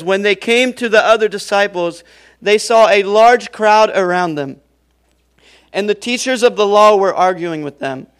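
High-voiced, clear young male preacher. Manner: casual, chatty, frequent fillers and laughs. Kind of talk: sermon.

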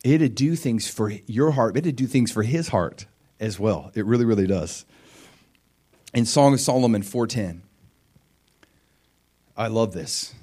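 Animated male preacher, dropping to whispers. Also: mid-range voice, a little slow, long pauses, husky. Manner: animated, acts out prayers and Jesus' replies, drops to whispers. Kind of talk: sermon.

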